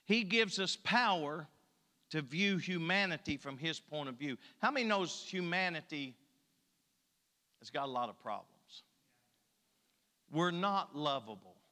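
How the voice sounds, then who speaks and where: Man, preacher, folksy sermon, high voice, long church-hall reverb. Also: animated, unhurried, pauses often, bright, forceful tone. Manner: folksy, colloquial grammar. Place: church sanctuary.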